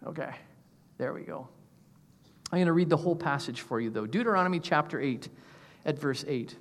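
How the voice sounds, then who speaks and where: A man's voice: on the high side, expressive, fairly quick. A man in his fifties preaching a sermon as pastor, emphatic and full of rhetorical questions. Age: 50s. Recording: long reverb of a large hall.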